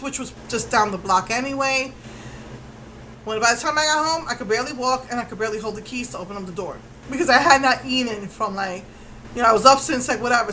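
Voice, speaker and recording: A woman vlogger casually retelling her day in a rambling, animated way with many fillers. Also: on the high side, a little hiss or hum, poor audio. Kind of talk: casual storytelling vlog.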